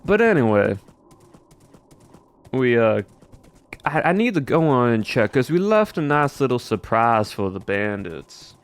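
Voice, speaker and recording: A man's voice: mid-range voice, big pitch swings, a little slow, pauses often, clear, resonant tone. A young man streaming as a cowboy in a put-on Southern US drawl, chatting casually in character with a folksy, rambling manner. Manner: laid-back folksy drawl, rambling asides. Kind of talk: casual in-character roleplay chat.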